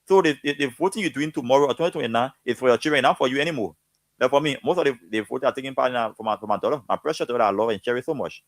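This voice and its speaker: Man, rapid delivery, dry close sound, fervent and preachy. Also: medium pitch, no room sound. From Liberia. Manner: fervent, preachy, repeats himself. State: emotional. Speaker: guest commentator. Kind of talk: impassioned political talk.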